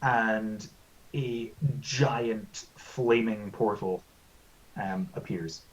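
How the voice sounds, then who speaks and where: A man's voice: lowish voice, extremely slow. A man playing a tabletop role-playing game, talking hesitantly with many fillers. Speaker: player. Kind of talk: tabletop role-play as a player. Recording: dull lo-fi mic.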